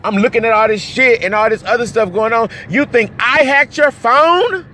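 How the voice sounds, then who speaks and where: A man crying and ranting in anger and hurt, swinging between yelling and low muttering, recorded outdoors near traffic. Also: normal speed. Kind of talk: emotional rant to camera.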